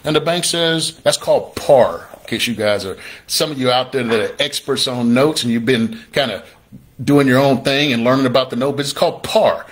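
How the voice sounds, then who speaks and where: A man teaching real estate investing on a livestream, energetic and repetitive in a call-and-response way, sometimes acting out his viewers' questions. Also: mid-range voice, normal speed.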